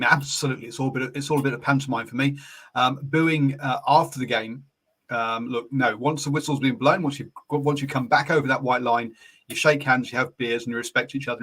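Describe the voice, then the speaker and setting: An English-accented man hosts a casual sports talk show over an online call. His delivery is loose and chatty, full of fillers and self-corrections, at an ordinary middle pitch. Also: quick pace, fairly bright tone, breathy edge. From England. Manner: chatty, many fillers and restarts. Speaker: podcast host.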